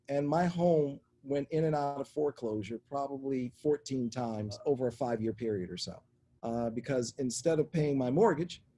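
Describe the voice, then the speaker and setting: A middle-aged man, a guest in a conversation interview, telling a long personal story with animated energy and acting out the people in it. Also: mid-range voice, a little hiss or hum. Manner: animated anecdotal storytelling, acts out voices in quotes. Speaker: interview guest, media executive.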